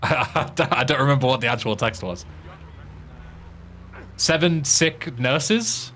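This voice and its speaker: A young British man with a British accent chats loosely on a game stream, swearing freely and laughing at his own flubbed tongue twisters. His voice sits at an ordinary middle pitch. A faint hiss of noise runs under the recording. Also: takes it slowly, a bit bright. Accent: British English. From Britain. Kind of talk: casual gaming stream chat.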